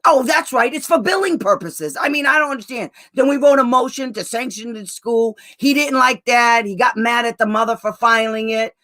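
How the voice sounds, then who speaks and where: Brief: fed-up woman advocate, blunt and emphatic, voice sitting a bit high. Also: steady tone, moderate pace, few pauses, bright, forceful tone. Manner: blunt, exasperated ranting. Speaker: special education advocate. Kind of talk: casual online talk.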